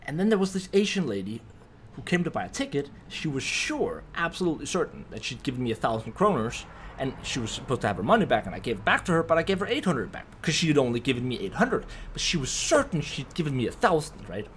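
A man's voice: medium pitch, very animated, fast talker, a bit bright, slight background noise. A man hosting a casual storytime vlog, rambling through a story with restarts and frequent tag questions. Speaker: YouTube host.

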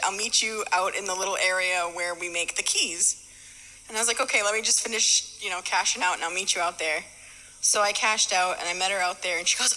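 A woman recounts a personal story in a loose, chatty way, acting out both sides of the conversation. Her voice is bright and forceful. A long, hall-like reverb trails behind her. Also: medium pitch, normal speed. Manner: chatty, laughing, acts out dialogue. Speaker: ministry student sharing a testimony. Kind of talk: casual storytelling.

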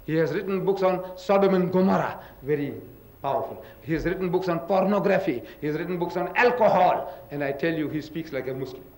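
Man, high voice, emphatic lecturer, spells out letters, echoey hall. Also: a little fast, darkish tone. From India, raised in South Africa. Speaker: lecturer in a public religious debate. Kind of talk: public lecture. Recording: roomy hall echo.

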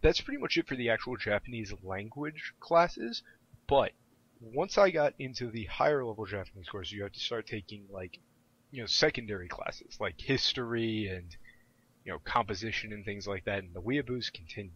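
A young adult man telling stories in casual chat, animated and full of profanity. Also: lowish voice, moderate pace, breathy edge. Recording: dull lo-fi audio.

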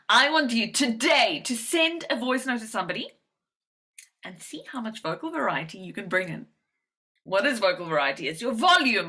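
Woman confidence coach, bright voice, animated and instructive presenter. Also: moderate pace, low-quality recording. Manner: animated demonstrative delivery, swings pitch and volume. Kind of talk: presentation to medical professionals.

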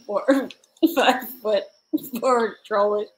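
A woman's voice: on the high side, drawn-out words, rough recording. A woman hosting a casual livestream, giggling constantly and slap-happy tired. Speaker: livestream host.

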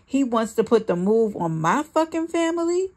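A woman's voice: a little high, big pitch swings, normal speed, pitched above the performer's own voice. A woman voicing a violently jealous man. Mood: furious. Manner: shouting curses, then pleading. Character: abusive jealous male partner, volatile.

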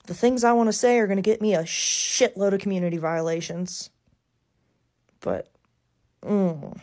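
A woman's voice: mid-range voice, moderate pace, a little mellow. A woman ranting angrily to camera, swearing constantly and furious. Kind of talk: angry rant to camera.

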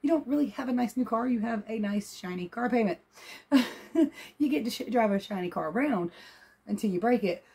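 A woman chatting casually to her phone camera as a vlogger, folksy and quick to laugh. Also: on the high side, expressive, vocal fry, a little mellow, husky. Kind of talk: casual vlog chat. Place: outdoors at a car lot, then at home.

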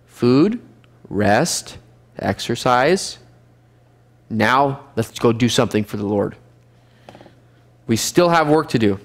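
Lively-voiced male Bible teacher. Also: medium pitch, takes it slowly, pauses often. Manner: conversational, reads scripture aloud then explains it; asks the class questions. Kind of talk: Bible study lecture.

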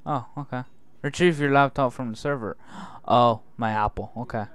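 A man's voice: medium pitch, normal speed, fairly bright tone, clean tone, no room sound. A man recording let's play commentary, joking and talking back to the game's characters. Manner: jokey, talks back to game characters. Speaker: gaming video host.

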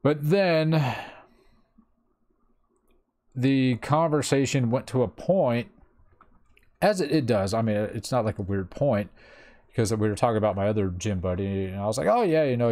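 A man's voice: on the low side, warm tone. Rambling, swearing man in his thirties. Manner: rambling, swears freely, fillers like "like". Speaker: streamer. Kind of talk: casual chat.

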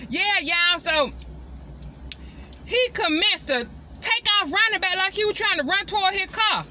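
A woman and mother chatting casually to her viewers from inside her truck, animated and constantly addressing them directly. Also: extremely high pitch, a little slow, slight background noise. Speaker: vlogger and mother.

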